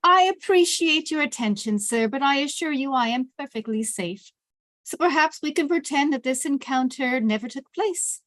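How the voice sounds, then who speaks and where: A woman reading a proud, sharp-tongued young woman at a table read, crisp and tart. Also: high voice, animated, normal speed, no room sound. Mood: prickly.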